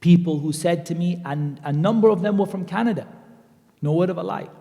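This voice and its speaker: A man's voice: high voice, brisk, gravelly. Man preaching in a reverberant mosque hall. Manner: animated and conversational, acting out quoted voices. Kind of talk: Islamic lecture.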